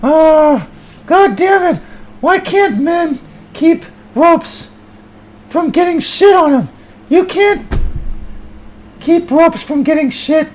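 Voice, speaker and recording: A man voicing a shrill, hot-tempered man who screeches curses and insults. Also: expressive, slow pace, pauses often, full character voice. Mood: furious.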